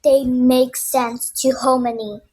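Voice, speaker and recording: A woman narrating a first-person audiobook in a measured, even storytelling manner. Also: high voice, breathy edge, poor audio.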